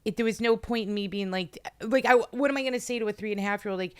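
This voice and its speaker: A woman's voice: medium pitch, rapid-fire, smooth. A middle-aged woman with a Boston accent, a comedian chatting as a podcast guest and acting out other people's lines as she tells her stories. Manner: storytelling, acts out quotes in voices. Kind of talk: casual podcast chat.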